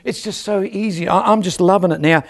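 A man's voice: high voice, a little fast, gravelly. A man preaching a sermon in a church, telling stories and asking the crowd for an amen. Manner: storytelling with rhetorical questions and calls for amen.

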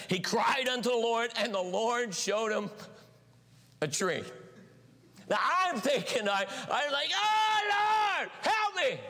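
A pastor preaching a sermon in a church, animated, acting out little voices and shouting for emphasis. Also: male voice, a little high. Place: church sanctuary. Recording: long hall reverb.

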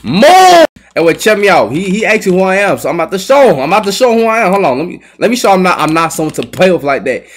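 A young male gamer talks over his own gameplay, taunting other players, cursing and breaking into yells when a play goes wrong. His voice is a little husky. His pitch jumps around a lot from line to line. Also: animated, rapid-fire, few pauses. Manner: trash-talking, swearing, yelling at other players. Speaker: gaming YouTuber. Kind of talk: live gameplay commentary.

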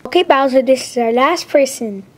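A woman's voice: high-pitched, moderate pace. A woman voicing an annoyed, sensible male hedgehog in a homemade plush-toy comedy skit, always questioning the others. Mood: exasperated. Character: exasperated male blue hedgehog, the sensible one.

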